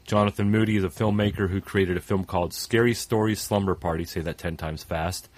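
A man's voice: low voice, steady tone, brisk, a little mellow, no room sound. A man co-hosting a radio show in casual talk, stuffed up, rambling with many fillers and trailing off at phrase ends.

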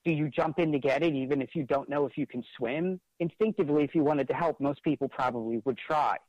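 A man's voice: a little high, quick pace, a little mellow, dry recording, dull audio. Man telling a story, dry sound. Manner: earnest, frequent "like" fillers and restarts. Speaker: interview guest. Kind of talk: conversational storytelling.

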